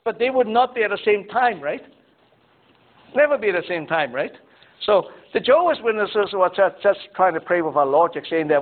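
A man's voice: high voice, lively intonation, a little fast. A man teaching a Bible class, quizzing his students and checking in with "okay?" and "right?" after nearly every point. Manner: asks students questions, tags lines with "okay?" and "right?". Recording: tinny phone-like sound.

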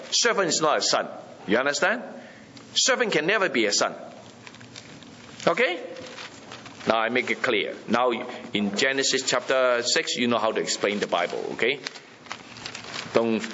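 Male preacher, emphatic and repetitive, bright tense tone, slightly muffled recording. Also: mid-range voice, lively intonation, normal speed, pauses often, slight background noise. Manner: emphatic, repetitive, often asks the listeners "you understand?". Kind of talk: Bible teaching sermon.

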